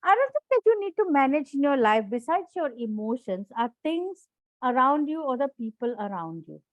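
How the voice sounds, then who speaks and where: A woman's voice: high voice, big pitch swings, normal speed, no room sound, phone-quality sound. A woman coach leading a live online class on self-management, encouraging and repetitive, often checking in with questions to her students.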